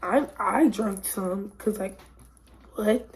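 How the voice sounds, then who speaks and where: A young woman vlogger telling a story in a casual, rambling, excitable way, full of filler words. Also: medium pitch, slow, slight background noise.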